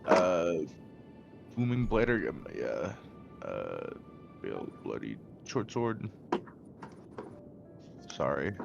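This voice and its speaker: A man's voice: low voice, huge pitch swings, extremely slow, creaky, long pauses, highs cut off, loud music behind the voice. A man playing a tabletop game, blunt and swearing, firing off rules questions. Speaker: player. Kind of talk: casual tabletop game chat.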